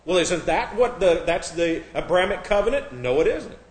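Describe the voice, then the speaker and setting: Sarcastic preacher in an echoey room. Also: male voice, sits high, sing-song, normal speed. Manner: sarcastic, mocking. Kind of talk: sermon.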